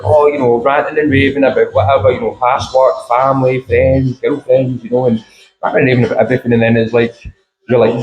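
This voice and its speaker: A man hosting a casual chat, asking open questions in a reflective way. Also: mid-range voice. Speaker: host. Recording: echoey room.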